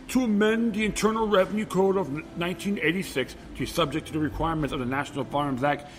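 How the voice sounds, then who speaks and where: A man's voice: mid-range voice, a bit bright. A man reading a bill aloud in a combative, sarcastic and mocking manner, breaking in with angry commentary. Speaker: political commentator. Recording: reverberant room with faint background noise.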